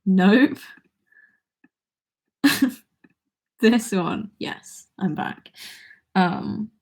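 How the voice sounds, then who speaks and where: A woman's voice: mid-range voice, drawn-out words, creaky. A nineteen-year-old woman with an English accent, chatting casually on a livestream and reading viewer comments aloud between songs.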